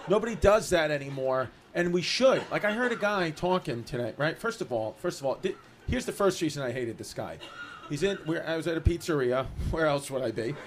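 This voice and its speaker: A man from New doing a stand-up comedy set, ranting in an animated, exasperated way on a club stage into a handheld mic. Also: fairly high pitch, brisk. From New York City. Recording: live club recording with room noise.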